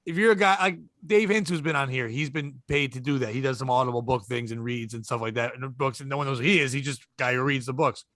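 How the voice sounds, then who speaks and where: A comedian appearing as a podcast guest, talking loosely and laughing between lines. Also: male voice, mid-range voice, fairly even intonation, quick pace, few pauses, fairly bright tone, no echo.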